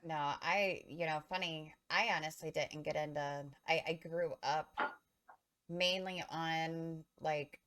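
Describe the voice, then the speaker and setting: A woman with a notably low voice chats loosely on a podcast, wandering off her point and correcting herself as she goes. The sound is close and dry, with no room around her. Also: fairly even intonation, slow, fairly bright tone, no echo. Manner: rambling, loses her train of thought; filler-heavy, self-correcting. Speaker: podcast co-host. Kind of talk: casual live-stream chat.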